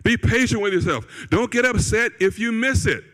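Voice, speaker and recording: Male pastor, fairly high voice, casual preaching style that keeps repeating key lines, long church-hall reverb. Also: lively intonation, normal speed, bright, forceful tone. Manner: conversational, repeats phrases for emphasis, asks "right?" and "okay?". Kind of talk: sermon. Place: church sanctuary.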